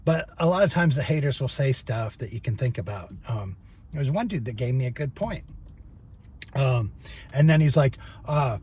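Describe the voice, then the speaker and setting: An older man, once a trial attorney, talks casually to camera in a mid-range voice that's a little mellow with a breathy edge, lively in intonation and normal in speed. He rambles in a chatty, profane way, full of fillers and chuckles.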